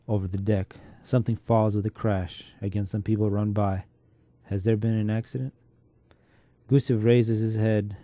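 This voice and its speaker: A man reads a literary story aloud at an unhurried, measured pace. His voice is very dark and mellow and slightly low, and it is recorded close and dry with no room sound. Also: dry recording. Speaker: narrator.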